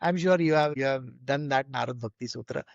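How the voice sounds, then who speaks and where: A woman's voice: very deep voice, a little fast, gravelly, no echo. A woman, a spiritual teacher explaining her teaching earnestly in a conversation. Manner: earnest, explanatory, with Sanskrit terms and frequent "you know". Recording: dry, slightly dull sound.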